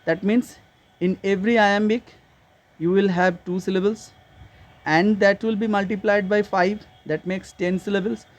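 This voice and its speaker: A man with an Indian English accent and a fairly high voice talks through a literature lesson. He pauses on fillers and restarts his phrases, explaining step by step. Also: darkish tone. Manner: hesitant, repeats himself with many fillers. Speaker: teacher. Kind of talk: casual online literature lesson.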